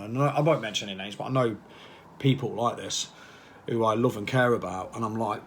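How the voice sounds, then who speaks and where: A man's voice: mid-range voice, fast talker, slight background noise. Male fitness coach, casual vlog chat, fired up and waffly. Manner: passionate, rambling, fires off repeated questions. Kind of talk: casual motivational talk to camera.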